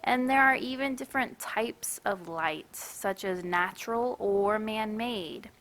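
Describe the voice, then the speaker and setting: A woman's voice: mid-range voice, measured pace, fairly bright tone. A woman science teacher running a playful classroom demonstration and explaining it step by step.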